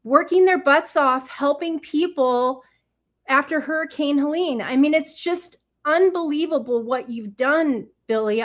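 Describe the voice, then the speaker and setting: A woman guest giving an earnest, emotional, faith-filled testimonial, at times choked up. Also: high-pitched. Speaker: guest, product seller.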